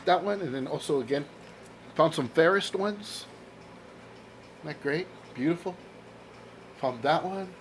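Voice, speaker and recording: In a casual vlog, a man shows off his comic book haul, laughing at his own jokes and exclaiming enthusiastically over the covers. His voice is fairly high with lively intonation, and he speaks unhurriedly with long pauses. There's slight background noise.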